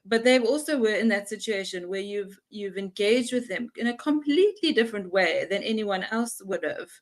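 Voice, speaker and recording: A woman's voice: medium pitch, normal speed. A young woman, a workshop facilitator, explaining conversationally and acting out little dialogues. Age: young adult. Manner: animated, acts out little dialogues.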